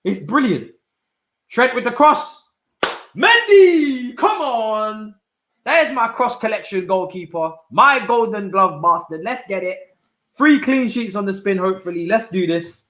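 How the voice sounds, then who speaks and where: A young man reacting live to a football match, swinging from low muttering to loud shouts and using plenty of slang. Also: expressive, a little slow, reverberant, rough recording. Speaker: football watch-along streamer. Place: indoor room at home.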